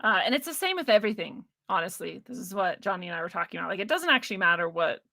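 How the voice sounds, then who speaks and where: A woman with a bright, forceful voice rants casually to her livestream viewers. She is blunt, profane and sarcastic and laughs often, close to the mic in a dry room. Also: mid-range voice, very animated, very fast, creaky, no echo. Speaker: spiritual livestream host.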